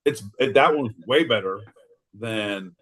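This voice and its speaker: A man's voice: lowish voice, measured pace, fairly bright tone. A man co-hosting a podcast, rambling through crude jokes and laughing often in casual banter. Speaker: podcast co-host.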